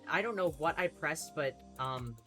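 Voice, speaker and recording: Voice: mid-range voice, animated, normal speed, bright, forceful tone. Streamer cursing and exclaiming over music. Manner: exclamatory, swears, repeats phrases. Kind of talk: casual livestream gameplay talk. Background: background music.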